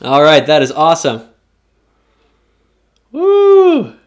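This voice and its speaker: Card break host, male, fairly high voice, excitable, loud whoops at big hits. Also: a little slow. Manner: reads player names off cards. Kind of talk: live card break commentary.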